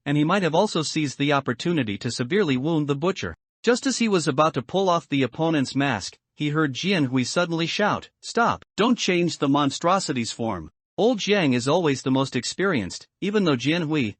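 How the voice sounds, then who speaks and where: A man reading a scripted horror comic recap in a steady, even storytelling manner. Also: on the high side, no echo. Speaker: narrator.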